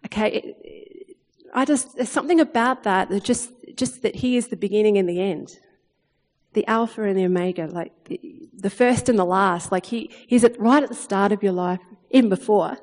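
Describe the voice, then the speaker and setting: A woman giving an Easter sermon, earnest and with frequent restarts, growing animated as she reads scripture. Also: mid-range voice, normal speed. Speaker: preacher. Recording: long hall reverb.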